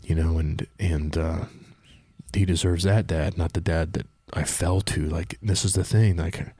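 Low husky-voiced man, confessing haltingly. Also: steady tone, mellow, no echo. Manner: emotional, halting, says "man" and "dude" constantly. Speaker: guest. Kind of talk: candid confessional conversation.

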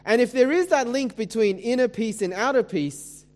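A pastor delivers a sermon in a notably high male voice. He preaches in a conversational way, posing rhetorical questions to his congregation. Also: normal speed, darkish tone. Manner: dramatic scripture reading.

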